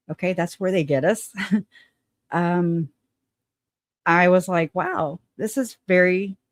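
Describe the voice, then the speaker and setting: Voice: mid-range voice, dry recording, clean studio sound. A livestream host chatting casually and bluntly, reading out viewer comments, swearing and laughing often.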